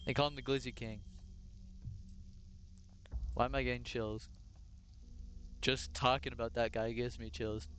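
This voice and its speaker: A man's voice: mid-range voice, level tone, a little slow, pauses often, a bit bright, a little hiss or hum. A man streaming a game, joking around and playing along as a shop clerk talking to customers. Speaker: gaming streamer. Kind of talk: joking gameplay commentary.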